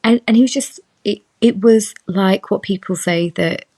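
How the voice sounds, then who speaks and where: A woman's voice: mid-range voice, normal speed, darkish tone. A young woman in casual chat as a podcast guest, telling a personal story and acting out the voices of the people in it. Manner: chatty storytelling, acts out quoted voices.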